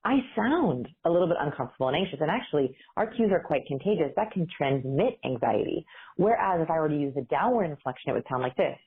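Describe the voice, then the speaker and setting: A woman researcher explaining communication cues as an interview guest, animated and upbeat. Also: sits low, quick pace, husky. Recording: tinny phone-like line.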